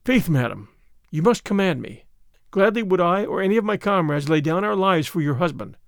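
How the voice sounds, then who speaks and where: A man voicing a loyal, earnest young gentleman speaking formally. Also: sits high, animated, brisk, creaky, clear, resonant tone, no room sound, clean studio sound.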